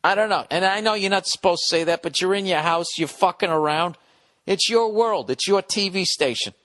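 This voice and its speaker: A man's voice: high-pitched, fairly quick, a bit bright. A man hosting a comedy podcast, rambling through a listener email with profane, sardonic asides. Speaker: podcast host. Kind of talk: comedic solo podcast rant.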